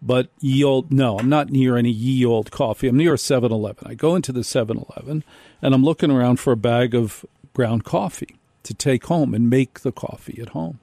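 A male radio host tells a comic story with lively energy, jumping into voices for the people he meets. The studio sound is close and dry, with no room around him. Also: mid-range voice, brisk, creaky, dry recording. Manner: animated storytelling, acts out quoted people. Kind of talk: comedic radio monologue.

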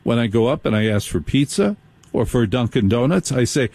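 An older man talks on the radio in a brash, wisecracking way. He rambles through jokes and stories. His voice sits in a middle pitch, and the recording is close and dry. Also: animated, fairly quick, a little mellow, dry recording. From New Jersey. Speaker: talk radio host. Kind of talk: comic talk radio monologue.

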